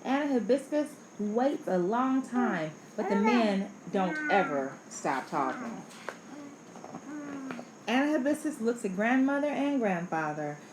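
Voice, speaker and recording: Expressive woman reading a picture book aloud. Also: medium pitch, a little slow. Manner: expressive, playful read-aloud. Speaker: storybook reader. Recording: echoey room, faint background noise.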